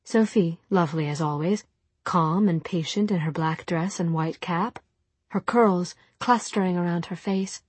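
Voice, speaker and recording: A woman reading a novel aloud in calm, even narration. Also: on the low side, a little slow, husky, no room sound. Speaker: audiobook narrator. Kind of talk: scripted narration.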